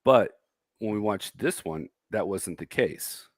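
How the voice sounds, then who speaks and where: A man's voice: on the low side, lively intonation, slow, no room sound. A man co-hosting a casual livestream chat, telling a rambling story and laughing often. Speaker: co-host.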